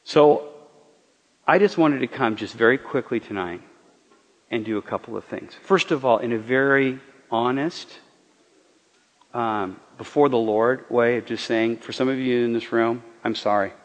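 A pastor delivers a personal sermon testimony, earnest and confessional, often halting and repeating himself as he searches for words. His voice rings out with a long reverb tail in a large church hall. The recording is somewhat muffled and lo-fi. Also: medium pitch.

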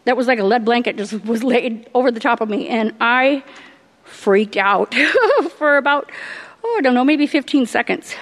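A middle-aged woman giving a personal faith testimony, earnest and halting, laughing often as she tells it. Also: fairly high pitch, expressive, in a large hall. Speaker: church member giving testimony.

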